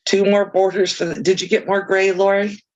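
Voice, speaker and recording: A woman's voice: mid-range voice, little pitch movement, moderate pace, a little mellow, dull audio, slight background noise. A woman hosting a casual crafting livestream, chatting easily with viewers and reading out their comments, with chirpy, self-deprecating asides.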